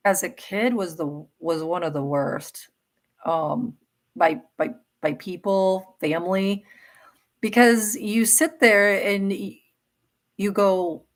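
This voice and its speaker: A woman's voice: mid-range voice, slow pace. Middle-aged woman host of a live spiritual Q&A; earnest, emphatic delivery, mid-range voice. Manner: earnest and emphatic, with laughs and self-corrections.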